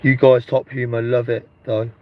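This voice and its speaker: A man's voice: medium pitch, little pitch movement, moderate pace. A man from Northampton, England, chatting casually and joking around as a guest on a live stream. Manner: joking, laid-back. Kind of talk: casual chat. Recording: muffled lo-fi with faint noise.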